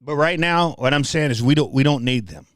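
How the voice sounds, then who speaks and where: On his livestream commentary show, a middle-aged Memphis man with a Southern accent talks passionately to his viewers, repeating words as he goes. The voice sits a little high and moves briskly, recorded cleanly in a studio with no room sound.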